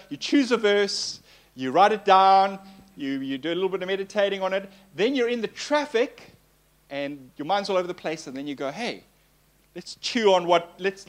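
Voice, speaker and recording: A man teaching in a sermon, animated and playful, repeating phrases for emphasis. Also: fairly high pitch. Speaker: pastor.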